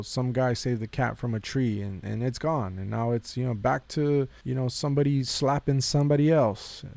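A man's voice: medium pitch, gravelly, warm tone, no room sound. A man hosting a podcast, giving a casual devotional talk in a conversational way, repeating phrases and addressing listeners directly. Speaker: podcast host.

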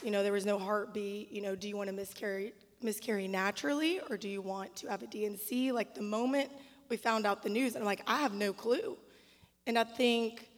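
A woman giving a quiet, reflective personal testimony at a church service. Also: mid-range voice. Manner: soft, reflective, halting speech. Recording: long hall reverb.

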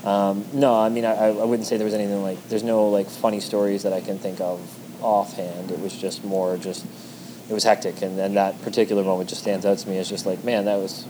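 A man's voice: lowish voice, level tone, brisk. A man in casual conversation, speaking earnestly and reflectively, often restarting his sentences. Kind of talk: casual chat. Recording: noticeable background noise.

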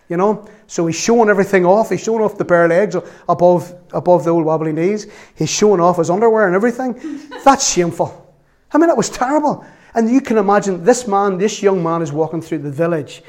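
Chatty lay preacher. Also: male voice, sits high. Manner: animated, chatty storyteller with asides and laughs. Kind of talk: storytelling sermon.

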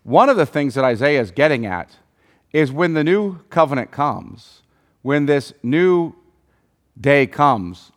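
Male Bible teacher, casual classroom delivery, halting and searching for words, questions the group. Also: medium pitch. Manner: thinking aloud, many ums and restarts, quizzing the group. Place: room with a group of listeners.

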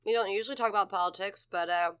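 A woman chats on a podcast as co-host, her tone bright and ringing. Her delivery is smooth and clean. She is animated, laughs often, and her voice swings all over the place. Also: medium pitch, rapid-fire. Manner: animated, laughing, voice jumping around. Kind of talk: casual chat.

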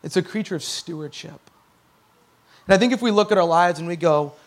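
High-voiced animated pastor in his thirties. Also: a little fast, pauses often. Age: 30s. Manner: animated, acts out quotes, rises to near-shouts on key points. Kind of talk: sermon.

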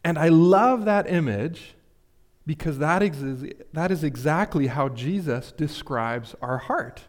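Man, pastor, sermon, earnest, questioning, slightly high voice, talks straight to listeners. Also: expressive, takes it slowly.

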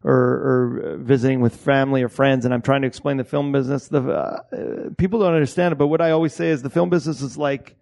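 A man's voice: mid-range voice, fairly even intonation, gravelly, darkish tone. A Canadian-born man, an assistant director, talking casually with frequent restarts and swearing. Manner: halting, many restarts and swearing. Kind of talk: casual podcast conversation.

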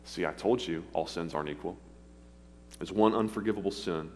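A man preaching a sermon, earnest and pleading, with pauses as he speaks of his own past. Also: deep voice. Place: church sanctuary. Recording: long hall reverb, faint hum.

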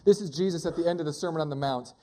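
High-voiced man preaching a sermon. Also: dark tone. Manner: conversational and joking, pauses to stress single words. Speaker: pastor. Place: church gathering.

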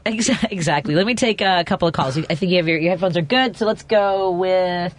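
A woman's voice: on the low side, a little fast. A woman hosting a call-in radio talk show, chatting casually, laughing often and restarting her sentences.

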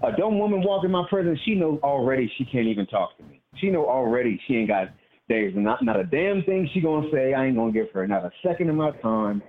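A man's voice: mid-range voice, expressive, fast talker. A male caller from Baltimore in casual call-in chat, talking in a profane, heated, storytelling way. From Baltimore, USA. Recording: lo-fi call with faint noise.

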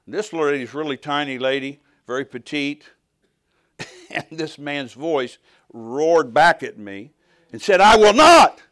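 An older man delivers a sermon with personal testimony, telling stories from his ministry in a smooth, resonant, mid-range voice at an unhurried pace. He animatedly acts out each exchange of dialogue and swells to a shout at the climaxes. The sound is close and dry, with no room sound.

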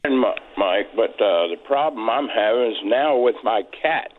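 A man from Maryland calling in to a radio show, telling a story in a halting, rambling way with many fillers. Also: mid-range voice, lively intonation. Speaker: caller. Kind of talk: phone call to a radio show. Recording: tinny phone line.

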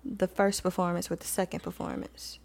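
A woman co-hosting a casual podcast, speaking in a relaxed, hesitant way with many fillers. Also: on the low side, brisk, gravelly. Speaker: podcast co-host. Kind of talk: casual chat.

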